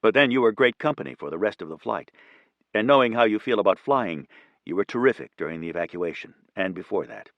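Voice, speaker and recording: A male narrator voicing an exhausted, kind businessman who teases gently. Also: lowish voice, lively intonation, fast talker, no room sound, highs cut off. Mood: tired, warm. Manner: gentle teasing.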